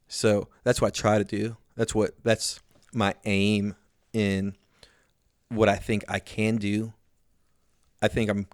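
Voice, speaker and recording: A man's voice: on the low side, dry recording, clean studio sound. A man hosting a podcast, rambling through a profane, self-mocking solo comedy monologue.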